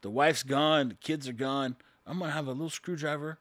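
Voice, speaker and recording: A man's voice: fairly even intonation, brisk, a bit bright, no room sound, close to an everyday voice. A man voicing a resigned, easygoing middle-aged husband in a comic story. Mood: lazy plans. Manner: shrugging, low-key.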